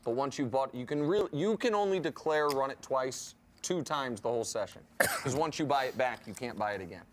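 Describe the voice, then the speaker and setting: A man's voice: medium pitch, lively intonation, brisk, slight background noise. A man hosting a poker game, chatting casually and explaining the rules step by step. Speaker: poker show host.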